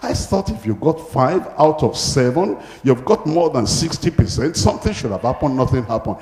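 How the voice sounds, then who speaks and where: A man's voice: mid-range voice, expressive, normal speed, darkish tone. A male pastor preaching a sermon, emphatic and retelling Bible stories with acted voices. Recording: echoey hall with long reverb.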